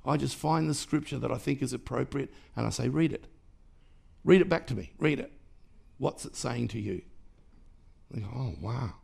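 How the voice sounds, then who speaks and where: A man's voice: mid-range voice, lively intonation, moderate pace, vocal fry, pauses often, darkish tone, breathy edge. A man preaching a sermon as pastor, emphatic and rhythmic, with repeated phrases and sudden rises in volume. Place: church.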